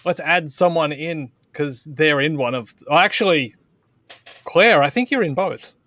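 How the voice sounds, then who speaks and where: A man hosting a casual aftershow chat, excitable and quick to gush. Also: fairly high pitch, dry recording, studio quality. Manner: excitable, keeps saying "oh God". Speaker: host.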